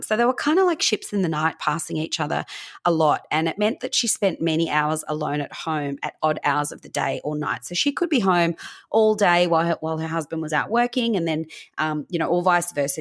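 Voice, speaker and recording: A woman with a slightly low voice co-hosts a podcast. She tells the story in a loose, chatty way, filling pauses with ums and uhs. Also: fairly bright tone. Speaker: podcast co-host. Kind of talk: casual podcast chat, storytelling.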